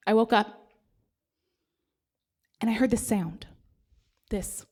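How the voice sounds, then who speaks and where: A woman's voice: a little high, expressive, unhurried, long pauses, crowd noise, noisy background. A woman telling a funny, self-deprecating personal story on stage. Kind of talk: live comic storytelling. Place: stage before a live audience.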